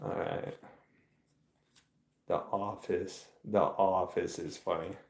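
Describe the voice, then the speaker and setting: A man hosting a casual livestream, answering chat in a rambling, soft-spoken way that trails off. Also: sits low, steady tone, takes it slowly, roomy sound. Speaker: livestream host. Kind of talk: casual live-stream chat, reading chat questions.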